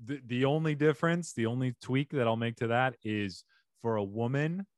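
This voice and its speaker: This podcast host has a mid-range voice and talks at a normal pace, captured in studio quality with no echo. Connected by remote call, he keeps the comedy show loose, playfully joking and improvising.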